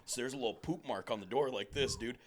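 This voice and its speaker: An American man co-hosting a podcast, telling a childhood story in a casual, animated way with plenty of swearing. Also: mid-range voice, fast talker, crowd noise. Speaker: podcast co-host.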